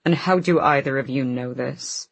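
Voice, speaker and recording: A woman's voice: extremely low pitch, normal speed, vocal fry, breathy edge, dry recording, heavily acted. A woman doing a terse, menacing prince.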